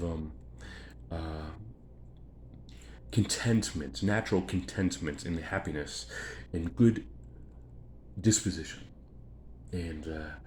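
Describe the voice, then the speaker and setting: Deep-voiced man in a profane ramble. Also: darkish tone. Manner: profane, repetitive, emphatic. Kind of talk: rambling monologue. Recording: echoey room, faint background noise.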